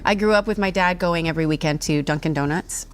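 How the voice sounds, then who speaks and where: A woman's voice: lowish voice, fast talker, soft background music. A middle-aged woman chatting casually as a guest over a meal, talking with many restarts and frequent laughs.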